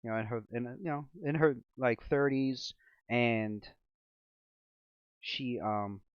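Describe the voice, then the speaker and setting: Male game master, slow and halting, dry lo-fi sound. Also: mid-range voice, clear, resonant tone, no echo. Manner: halting, with many fillers. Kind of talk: narrating a tabletop game.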